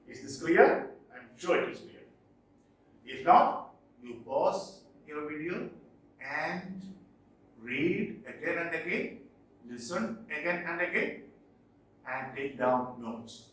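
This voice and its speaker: Slow, echoey lecturing man. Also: fairly high pitch, big pitch swings, sharp tone. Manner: explains slowly, repeating terms and asking if it is clear. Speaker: English teacher. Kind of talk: recorded video lecture. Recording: echoey room, distant mic.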